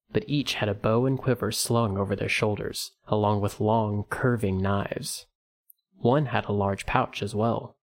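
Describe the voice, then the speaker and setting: This is scripted narration of a fantasy novel by a male audiobook narrator whose voice sits on the low side. He keeps an even, measured storytelling pace throughout.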